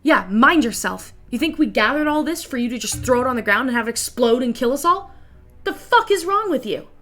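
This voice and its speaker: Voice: mid-range voice, steady tone, quick pace, vocal fry. A woman voicing an angry male crime boss who scolds a careless underling in a tabletop game. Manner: shouting, scolding. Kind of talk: tabletop game role-play.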